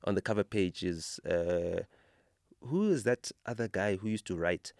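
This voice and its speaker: A man's voice: low voice, a little slow, vocal fry, slight background noise. A man with a South African accent hosting a podcast, talking with conviction and telling stories with rising animation. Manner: impassioned, builds to animated storytelling. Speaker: podcast host. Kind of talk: casual podcast conversation.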